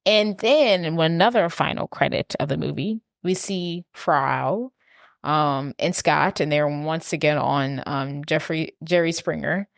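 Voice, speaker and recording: Low-voiced woman casually recapping a film. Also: measured pace, gravelly, no room sound. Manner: loose retelling with fillers, slipping into quoted voices. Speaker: podcast co-host. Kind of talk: casual chat recapping a movie plot.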